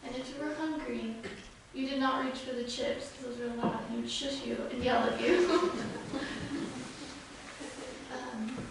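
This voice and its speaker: A high, slightly gravelly young woman speaks slowly, picking her way through a eulogy with hesitations. She is caught from far off by a room mic in a funeral chapel, her voice ringing in a large echoey hall with steady background noise. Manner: halting, with frequent fillers and soft laughs. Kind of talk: unscripted eulogy.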